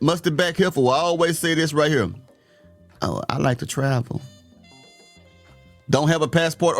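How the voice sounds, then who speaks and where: A man with a fairly high voice delivers an opinionated rant, blunt and full of slang. He talks in a preachy way. Soft music plays underneath. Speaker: host reacting to clips.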